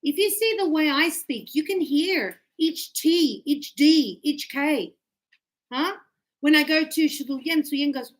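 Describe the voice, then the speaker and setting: A woman teaching an English grammar lesson to a class, animated and teasing, acting out her students' replies. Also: high-pitched, unhurried.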